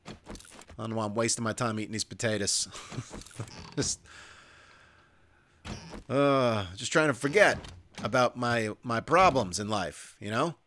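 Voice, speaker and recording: Male game commentator, dry self-mocking humor, bright tone. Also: medium pitch, expressive, normal speed, pauses often, slight background noise. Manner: wry, self-mocking, mutters to himself. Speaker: gaming YouTuber. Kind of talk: casual let's-play commentary.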